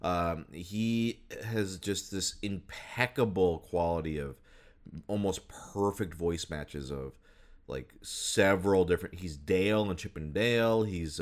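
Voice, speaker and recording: A man with a very low voice talks loosely in a casual chat. He rambles, restarts often and leans on fillers as he goes. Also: unhurried. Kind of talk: casual chat about voice actors.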